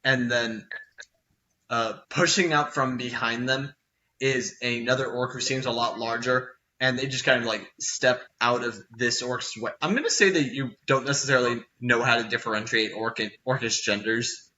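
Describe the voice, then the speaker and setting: A man's voice: mid-range voice, fairly even intonation, normal speed, pushed and bright, muffled recording, slight background noise. A man narrating a tabletop game as game master, casual and plain.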